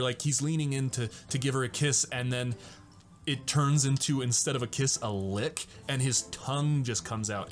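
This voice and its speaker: A man's voice: mid-range voice, fairly bright tone. A man hosting a casual movie breakdown, enthusiastic and chatty and often laughing as he retells scenes. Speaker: host of a movie breakdown show.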